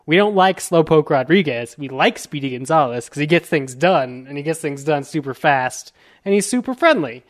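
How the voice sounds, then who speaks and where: Halting American man hosting a chat. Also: on the high side, lively intonation. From United States. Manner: halting, many fillers and restarts. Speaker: podcast host. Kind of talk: casual panel chat. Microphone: video call.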